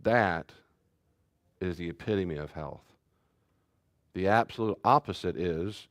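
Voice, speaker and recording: A man's voice: deep voice, slow, long pauses, no echo, studio quality. A pastor giving a conversational sermon, acting out short exchanges between parents and children and sometimes raising his voice for emphasis.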